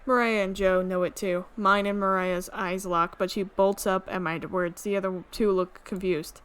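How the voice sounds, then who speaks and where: A woman streamer reading a visual novel aloud, amused and quick to laugh. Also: mid-range voice, little pitch movement, a bit bright, clear, resonant tone. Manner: amused, reads with frequent laughs.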